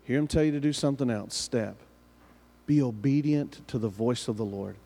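A man's voice: mid-range voice, quick pace, dark tone. Man preaching in a reverberant hall. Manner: earnest, repeats and restarts phrases while telling a story. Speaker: pastor. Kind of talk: sermon storytelling. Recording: long reverb of a large hall.

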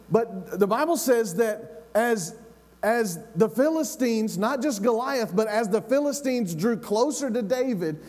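Animated pastor preaching. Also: male voice, high voice, big-room sound. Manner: animated, dramatic retelling with audience calls. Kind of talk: sermon storytelling.

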